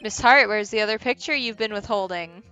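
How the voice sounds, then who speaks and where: Girl doing a young guy lawyer, eager and pushy, bright voice. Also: medium pitch, a little fast, soft background music, lightly acted. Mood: pressing. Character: earnest young male defense lawyer.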